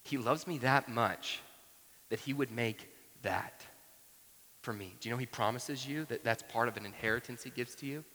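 A man's voice: mid-range voice, normal speed, sharp tone. Man, 30s, pastor, sermon, conversational storytelling, long reverb hall. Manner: conversational storytelling, frequent asides.

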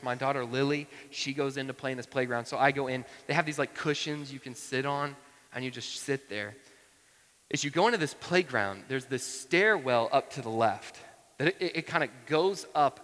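Pastor in his 30s, bright forceful tone, chatty storytelling sermon, big hall reverb. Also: medium pitch. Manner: conversational storytelling, frequent asides. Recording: long reverb from a large hall.

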